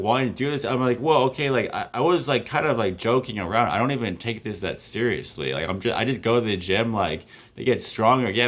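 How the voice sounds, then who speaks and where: A young man in his twenties tells a story casually at a medium pitch. He rambles, leans on fillers, and laughs between lines. His tone stays loose and conversational throughout. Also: fairly bright tone.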